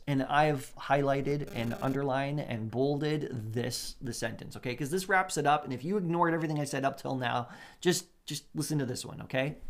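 A man preaching a sermon, lively and conversational, with asides and short laughs as he acts out the quotes. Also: mid-range voice. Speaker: pastor.

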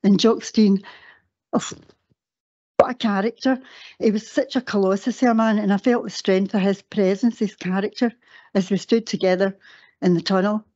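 An older woman with a Scottish accent tells her story in a mellow, warm voice, chatty and quick to laugh at herself. She often stops to correct her own words. The sound is a dull, lo-fi recording of a council meeting. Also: mid-range voice, steady tone. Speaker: guest speaker at a council meeting. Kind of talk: personal reminiscence speech. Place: council chamber.

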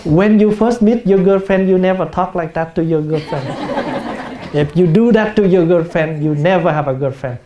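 A man with a Vietnamese accent, a Buddhist monk giving a gentle, humorous dharma talk in a meditation hall. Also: high voice, moderate pace, highs cut off, a little hiss or hum. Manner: gentle, humorous, acts out everyday speech. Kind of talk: sermon.

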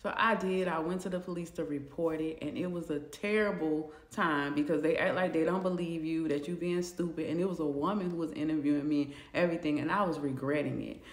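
A young woman casually telling a personal story to camera, animated and jumping high when she acts out her own shock. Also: a little fast, hardly any pauses. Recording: echoey room.

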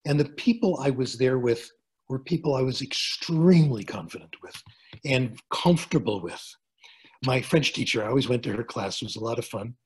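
A man's voice: medium pitch, moderate pace, breathy edge. An older man from the United States giving a webinar lecture as a linguistics professor, chatty, with joking asides and plain examples, on a video call. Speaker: guest speaker, linguistics professor. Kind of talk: webinar lecture answering questions.

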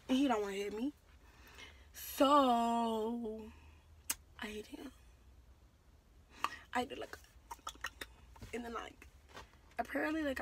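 A young woman telling a story on her vlog, slangy and rambling, getting loud and heated as she goes. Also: on the high side, slow, pauses often, a little hiss or hum. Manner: animated and loud, builds to shouting in quoted exchanges. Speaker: vlogger.

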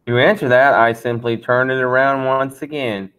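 A man teaching a beginner Spanish lesson, counting slowly and repeating phrases as he explains. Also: mid-range voice, steady tone, a bit bright, clear, resonant tone. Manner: slow, deliberate counting. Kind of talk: classroom lesson.

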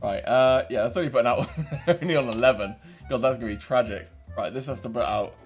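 A man's voice: mid-range voice, brisk, faint music behind. A British man running casual gameplay commentary, laughing and swearing as he banters with other players. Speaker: game streamer.

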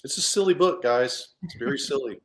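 A man who writes and draws children's books talks about his work in a chatty, rambling way. He pokes fun at himself, and his voice sits at a medium pitch. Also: expressive, a little fast, a bit bright, reverberant. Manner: chatty, self-deprecating, rambling. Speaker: children's author and illustrator. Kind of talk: casual storytime talk.

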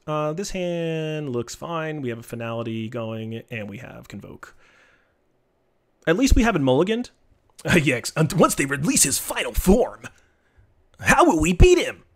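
A man casually commenting on his live-streamed card game, joking and teasing in an animated way. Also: on the high side, measured pace. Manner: animated, joking, trash-talking.

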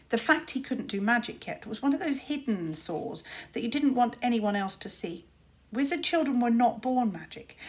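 Brief: lively schoolteacher narrating a children's book. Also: female voice, a little high. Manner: expressive, animated narration. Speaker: teacher reading aloud. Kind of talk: storybook reading.

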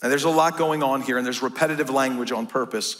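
A man's voice: medium pitch, fast, a bit bright, a little hiss or hum. A middle-aged American man, a pastor, preaching a sermon in a church in a casual, joking way and often asking "right?".

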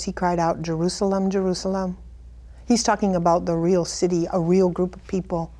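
In a darkish voice, a middle-aged woman offers an impassioned Christian testimony and prayer about a vision she had. She pleads fervently, her pitch soaring on the cried-out lines.

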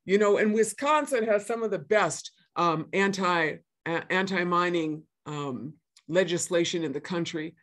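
A woman's voice: fairly low pitch, a little slow, fairly bright tone. A woman in her sixties from northern Minnesota gives an earnest, emphatic public talk, repeating her key points and often stopping to restart with fillers. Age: 60s. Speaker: guest speaker.

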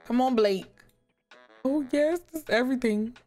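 A woman giving lively, chatty commentary on a life-sim game, talking to her viewers. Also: high-pitched, moderate pace, faint music behind. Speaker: gaming YouTuber. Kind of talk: casual gameplay commentary.

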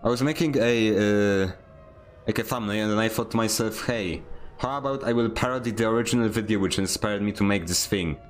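A young man's casual stream commentary is full of self-mocking jokes, rambling, and frequent laughter as he plays. His voice has a fairly low pitch, and he talks fairly quickly.

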